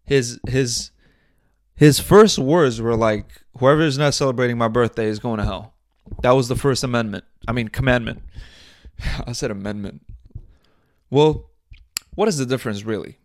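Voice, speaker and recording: A young man hosts his own podcast, rambling crudely from one joke to the next with bursts of mock outrage. His voice sits at an ordinary male pitch. He is close on the mic in a dry room with no echo. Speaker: podcast host. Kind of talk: casual solo podcast monologue. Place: small indoor set.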